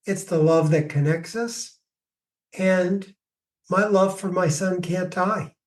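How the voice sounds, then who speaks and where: A man, a grief expert, answering podcast questions with slow, reflective stories. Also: sits high, recorded from a distance. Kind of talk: podcast interview, storytelling answers.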